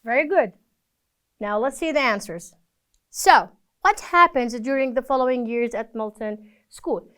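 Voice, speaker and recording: Woman, English teacher, high smooth voice, patient and encouraging with students. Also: animated, unhurried, fairly bright tone. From Palestine. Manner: patient, encouraging, gives praise after each answer. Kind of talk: recorded classroom lesson.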